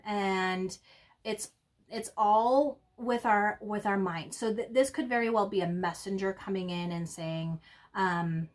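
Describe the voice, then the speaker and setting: A woman giving an intuitive tarot reading, talking in a halting way with many ums and restarts. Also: medium pitch. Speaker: tarot reader.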